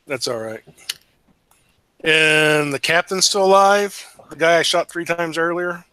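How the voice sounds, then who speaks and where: Bright, high-voiced male player. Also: measured pace, clean tone, dry recording. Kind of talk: playing a tabletop game.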